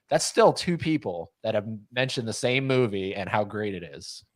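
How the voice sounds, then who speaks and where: A man co-hosting a casual livestream chat, talking quickly and laughing often. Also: fairly low pitch, huge pitch swings, no echo. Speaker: livestream co-host.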